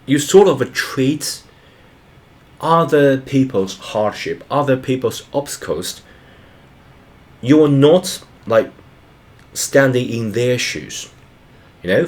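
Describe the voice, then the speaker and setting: A man's voice: medium pitch, a little mellow. A man in his thirties, a channel host and father, giving a reflective personal monologue in an earnest, hesitant way, with many fillers and restarts.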